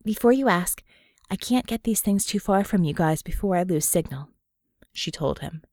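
A woman voicing a brisk, wry young woman coordinating her team. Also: on the low side, animated, a little mellow, dry recording, clean studio sound.

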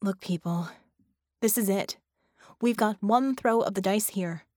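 A woman's voice: medium pitch, a little slow, a little mellow, no echo, studio quality, natural voice. A woman reading the part of a blunt female team leader in an audiobook, talking in an urgent, persuasive way.

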